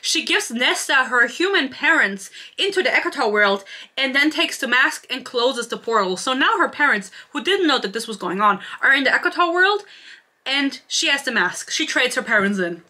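A woman's voice: sits high, big pitch swings, normal speed, bright, forceful tone. A young woman in her twenties reviewing a book in a casual, sarcastic rant, swearing freely. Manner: sarcastic, swears freely, mimics characters in quotes.

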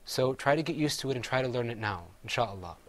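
A man's voice: mid-range voice, animated, fast talker. A man teaching Quran recitation, patiently having his students repeat words after him. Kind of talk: classroom recitation lesson.

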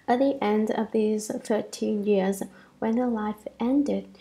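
A woman reads a scripture commentary aloud in a measured, earnest way. Her voice has a gravelly fry and a mellow, dark tone. She keeps the steady cadence of a lecture. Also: mid-range voice, rough recording. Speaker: dharma lecture reader. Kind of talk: reading a translated scripture commentary.

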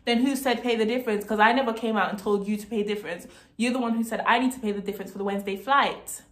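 Animated, indignant young woman storyteller. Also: on the high side, fast. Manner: indignant, animated, swears freely. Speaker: vlogger telling a story. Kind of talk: casual storytime monologue. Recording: roomy echo.

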